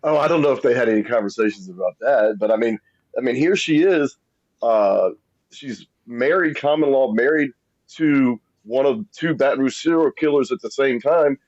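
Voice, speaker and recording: A man's voice: medium pitch, lively intonation, normal speed, darkish tone, no echo. Wry male guest on a muffled line. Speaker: podcast guest. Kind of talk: casual podcast chat. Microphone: phone or remote call.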